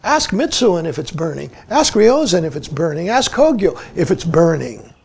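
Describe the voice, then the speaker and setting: A man's voice: a little high, sing-song, normal speed, creaky, a little mellow, husky. A man in his seventies giving a Zen dharma talk, tossing in "see" constantly and asking his listeners questions. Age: 70s. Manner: peppers speech with "see", asks listeners questions. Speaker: Zen teacher.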